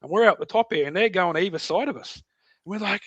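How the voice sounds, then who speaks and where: A man's voice: sits high, brisk, no room sound, highs cut off. A middle-aged Australian man, a podcast guest, telling a story in casual chat and acting out voices and sounds. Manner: animated, acts out voices and sounds in his tale.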